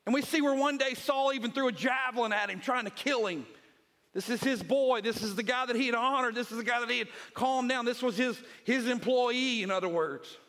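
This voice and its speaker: A man with a strikingly high voice preaches a Sunday sermon. He tells scripture stories vividly and drives each point home by repeating short phrases. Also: brisk, a bit bright. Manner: retells scripture as vivid storytelling. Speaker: pastor.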